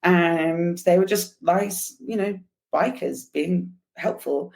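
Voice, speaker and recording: Lively woman telling a story. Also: lowish voice, takes it slowly, creaky. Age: young adult. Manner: animated, acts out quoted dialogue, many restarts. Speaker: podcast guest, motorcycle traveler. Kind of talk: casual storytelling chat.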